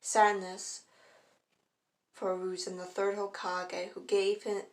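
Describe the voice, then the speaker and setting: A woman reads a fan story slowly and haltingly, often restarting lines. Her voice sits in a mid range. The room is echoey. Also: medium pitch, flat delivery. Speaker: fan fiction reader. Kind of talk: casual story narration.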